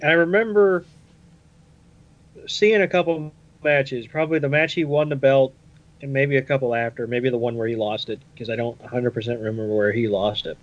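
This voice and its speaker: A man co-hosting a casual podcast chat, loosely recalling things with plenty of fillers. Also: mid-range voice. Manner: rambling recollection with fillers. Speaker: podcast co-host. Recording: dull lo-fi audio.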